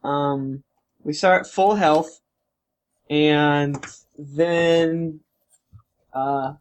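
A man reading out stats and explaining the rules to friends during a tabletop card game, wry and halting. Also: on the high side, fairly even intonation. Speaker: player leading the game setup. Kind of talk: casual game-night explaining.

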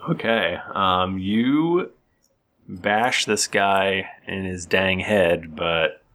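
A man's voice: low voice, very slow, fairly bright tone. A man running a tabletop game as game master, narrating the action in a playful, teasing way.

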